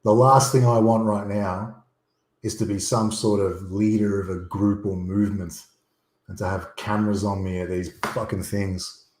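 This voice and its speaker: A man's voice: on the low side, fairly even intonation, normal speed, a little mellow. A man talking as a guest over a video call, blunt and opinionated, swearing freely. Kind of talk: casual chat. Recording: echoey room.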